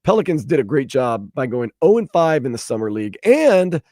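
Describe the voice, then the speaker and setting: Lively male sports radio host. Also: mid-range voice, brisk, dry recording, studio quality. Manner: chatty, animated, acts out quoted people in raised voices. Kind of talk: casual sports radio chat.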